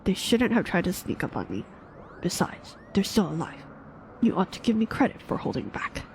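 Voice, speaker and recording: A woman reading the lines of a gruff, curt young male dark knight in a game. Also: mid-range voice, big pitch swings, normal speed, a little hiss or hum.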